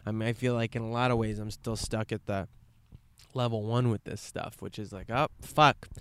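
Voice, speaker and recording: A man's voice: on the low side, fairly even intonation, moderate pace, smooth. Earnest swearing man talking outdoors. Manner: earnest, rambling, swears often, swings between hushed and impassioned. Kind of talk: casual outdoor vlog monologue. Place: quiet outdoor meadow.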